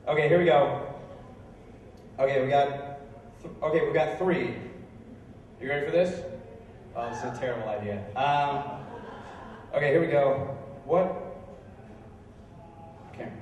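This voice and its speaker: A young man performing stand-up comedy, telling stories in a deadpan way that jumps into incredulous high outbursts. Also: unhurried, long pauses, muffled recording, a little hiss or hum. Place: bar venue with a live audience. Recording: echoey room recorded from far off.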